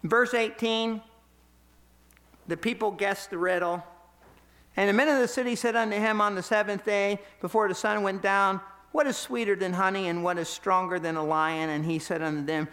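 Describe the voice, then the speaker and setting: A male pastor preaching a sermon, telling a Bible story with lively acted-out quotes. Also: a little high. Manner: animated storytelling, acts out quoted voices.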